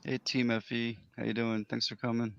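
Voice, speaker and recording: A man's voice: mid-range voice, level tone, moderate pace, gravelly, clean tone, no echo, lo-fi sound. A man joining a casual online hangout, easygoing and plain-spoken. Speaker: chat participant. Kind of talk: casual chat.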